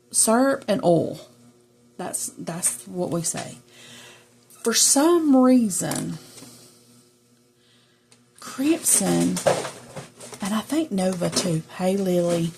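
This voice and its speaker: A woman's voice: lowish voice, creaky, warm tone, slight background noise. A middle-aged woman with a Southern US accent, chatting casually and rambling to viewers while she journals. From Southern United States. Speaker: journaling vlogger. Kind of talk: casual chat while crafting.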